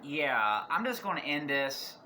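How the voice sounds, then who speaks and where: Hoarse, rambling man reviewing movies. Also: fairly high pitch, very animated, measured pace, bright, forceful tone, slight background noise. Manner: rambling, restarts sentences. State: losing his voice. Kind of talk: casual review vlog.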